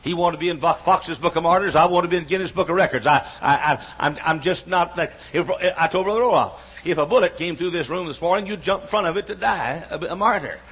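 A man in his sixties preaching a sermon, building repeated phrases up into shouts. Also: fairly high pitch, fast, hardly any pauses, slightly rough. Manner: rhythmic repetition, rising to shouts. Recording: dull lo-fi sound.

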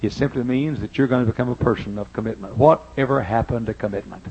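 Older man, pastor, sermon, husky voice, dull lo-fi church recording. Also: medium pitch, fast talker. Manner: preaching with stories, swings from loud emphasis to hushed. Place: church sanctuary.

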